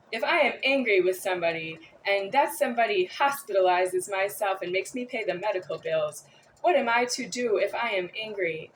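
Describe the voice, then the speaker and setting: A woman's voice: a little high, recorded from a distance, a little hiss or hum, rough recording. A woman vlogger talking to the camera in a rambling, repetitive, agitated monologue.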